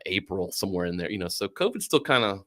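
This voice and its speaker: A middle-aged man telling a long story casually, animated, swearing and acting out what others said. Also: low voice, fast. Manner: animated, swearing, acts out quoted voices. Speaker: podcast guest.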